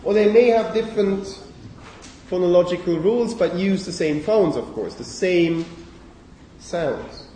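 A male lecturer explains sound rules to a class, asking questions and saying "okay?" often. His voice is mellow and a little high for a man. The recording is roomy, with a long reverb, and he is heard from a distance, with faint ambient noise behind him. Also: unhurried. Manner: conversational, asks the class questions, frequent "okay?". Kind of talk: university lecture on phonology. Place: lecture hall. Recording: echoey lecture hall, mic at a distance.

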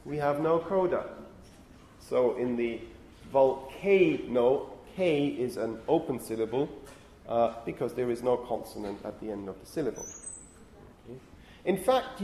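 A male lecturer giving a university lecture, talking in a lively way, often correcting himself and checking in with "okay?". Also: on the high side. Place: lecture hall. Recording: roomy lecture hall echo.

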